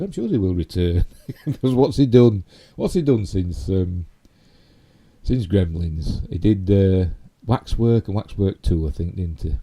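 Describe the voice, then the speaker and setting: A man's voice: low-pitched, expressive, a little slow, warm tone. A man with a Yorkshire accent hosting a casual live stream, rambling through geek news with lots of "you know" and tag questions. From Yorkshire, England.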